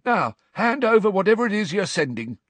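A man's voice: high-pitched, very animated, brisk, dry recording, pitched above the performer's own voice. A man voicing a bitter, wheezing old male caretaker in an audiobook, hissing and furious. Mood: angry. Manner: hissing, furious, self-satisfied. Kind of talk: audiobook character voice.

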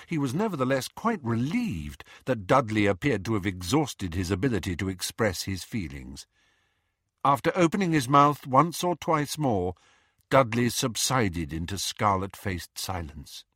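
Slow, highly expressive male storyteller. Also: no room sound, clean studio sound. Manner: highly expressive, theatrical reading. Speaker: audiobook narrator. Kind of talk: storybook narration.

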